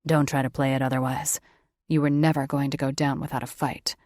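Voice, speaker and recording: A woman reading the part of a calm, wry young man with a dry, measured manner. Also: very deep voice, dry recording, pitched below the performer's own voice.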